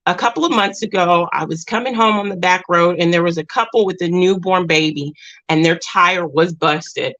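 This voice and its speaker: A woman's voice: on the low side, normal speed, fairly bright tone, dull audio. A woman telling a personal story in a casual vlog, earnest and rambling, with restarts and moments near tears. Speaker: vlogger.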